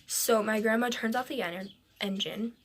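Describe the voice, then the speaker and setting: A woman's voice: on the high side, normal speed. A woman narrating a dramatic personal story for a storytime vlog, rambling and breathless with many "I'm like" asides. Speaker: vlogger.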